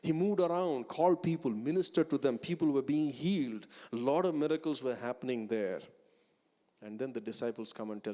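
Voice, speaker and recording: Man, Indian English accent, pastor's sermon, animated storytelling, mid-pitched voice, long church reverb. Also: brisk. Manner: storytelling, rising to loud emphatic peaks. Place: large church hall.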